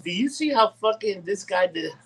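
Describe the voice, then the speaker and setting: A man's voice: sits high, lively intonation, normal speed, husky. A man co-hosting a casual podcast, talking loosely and profanely, often stumbling over words. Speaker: podcast co-host. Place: dim indoor room.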